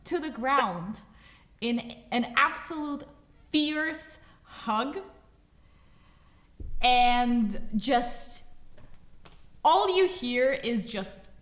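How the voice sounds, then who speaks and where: A woman game master narrating a tabletop game with slow, dramatic scene-setting. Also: on the high side, lively intonation, fairly bright tone. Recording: echoey room.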